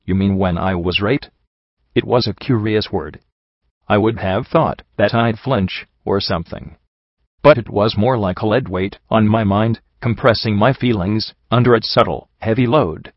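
A man reading a first-person story aloud in a calm, earnest narration. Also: fairly low pitch, moderate pace, no room sound. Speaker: audiobook narrator. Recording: dull lo-fi, dry.

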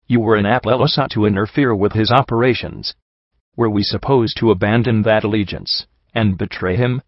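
A man voicing a calm, measured female alicorn goddess who speaks for a hive mind, in an audiobook reading. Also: fairly low pitch, dry recording. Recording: dull dry recording.

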